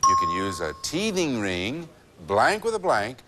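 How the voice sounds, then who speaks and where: A man's voice: medium pitch, huge pitch swings, measured pace, bright, forceful tone. Jovial man hosting a game show. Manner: jovial, chatty, teasing the contestants. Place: TV studio. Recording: noisy 1980s TV tape with studio audience.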